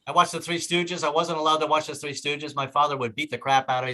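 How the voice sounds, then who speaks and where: A man doing a stand-up comedy set on a club stage, stammering through restarts and hitting his punchlines loudly. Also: a little high, flat delivery, fast, few pauses. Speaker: stand-up comic.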